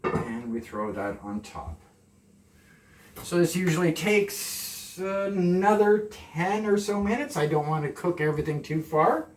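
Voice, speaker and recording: Soft-spoken man in an echoey kitchen. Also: sits high, slight background noise. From Canada. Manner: deliberately soft and calm, rambling asides. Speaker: cooking vlogger. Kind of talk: casual cooking chat to camera. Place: home kitchen. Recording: echoey kitchen, mic from far off.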